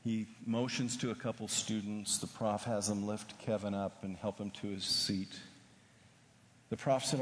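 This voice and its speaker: A male preacher telling an animated story in a sermon, recorded in a large hall. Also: fairly low pitch, a little slow. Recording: echoey hall with faint noise.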